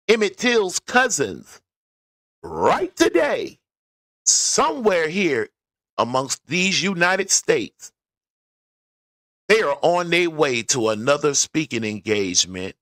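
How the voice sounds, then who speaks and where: A man's voice: a little high, fairly bright tone, no room sound, studio quality. A man talking casually to his viewers, rambling through his thoughts. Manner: conversational, rambling, talks to viewers. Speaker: vlogger. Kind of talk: casual commentary while driving to work. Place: garage.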